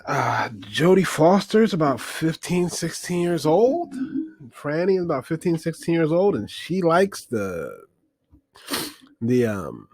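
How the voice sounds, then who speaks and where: A man's voice: on the high side, darkish tone, no echo. Rambling man recapping a film. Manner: rambling, many fillers, wry asides. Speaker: movie review host.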